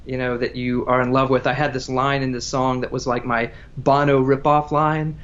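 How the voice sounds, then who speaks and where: A man's voice: mid-range voice, little pitch movement, moderate pace, fairly bright tone, highs cut off. A man chatting casually as a guest musician, telling a story in a rambling, self-interrupting way. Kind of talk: casual livestream chat between songs.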